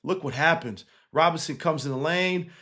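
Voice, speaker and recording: A man, a basketball coach, casually breaking down game film, animated and laughing easily, tagging points with 'right?'. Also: a little high, normal speed. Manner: animated, keeps checking in with 'right?' and 'again'; laughs easily while explaining.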